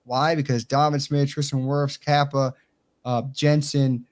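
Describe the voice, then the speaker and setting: Casting: man, country accent, blunt fan-talk co-host, mid pitch. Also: level tone, clean tone. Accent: Southern US country. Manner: blunt, swears freely, fast storytelling. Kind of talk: casual sports talk.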